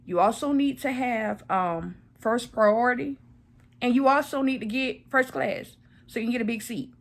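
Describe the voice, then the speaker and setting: A woman's voice: a little high, moderate pace. A woman in her thirties talking casually to camera, recovering from surgery and repeating phrases for emphasis. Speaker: vlogger.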